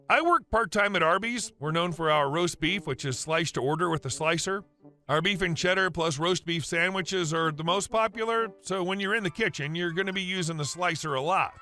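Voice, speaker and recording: A man narrating reddit stories in a brisk, even, scripted read. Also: sits high.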